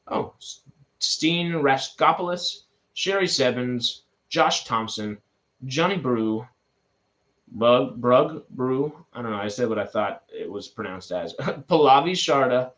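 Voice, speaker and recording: A man in his twenties hosts a film news show, reading out items and then chatting about them casually, with loose asides and restarts. His voice is medium-pitched and a bit bright.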